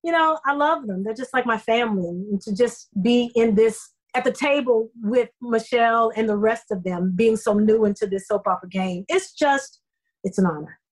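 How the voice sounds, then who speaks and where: A middle-aged woman, a soap opera actress, telling stories in a casual interview, effusive and animated with many fillers. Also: on the high side, moderate pace, low-quality recording.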